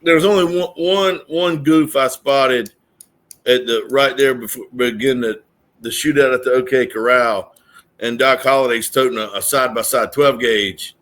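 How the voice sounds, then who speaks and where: A man's voice: medium pitch, moderate pace, a bit bright. A man in casual podcast chat, laid-back and hesitant, with dry humor.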